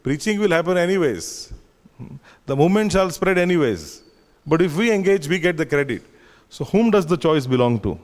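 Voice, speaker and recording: A man leads a scripture class, his voice sitting a little high as he retells old stories. He talks with fillers and restarts. The sound carries a long reverb from a temple hall. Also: a little mellow. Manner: storytelling, with frequent fillers and restarts.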